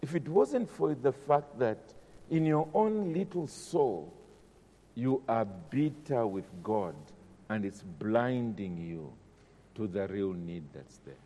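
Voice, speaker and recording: A man preaching a sermon, dramatic, dropping to a hush and then rising loud. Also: mid-range voice, expressive, slow pace, in a large hall. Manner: dramatic, swings between hushed and loud.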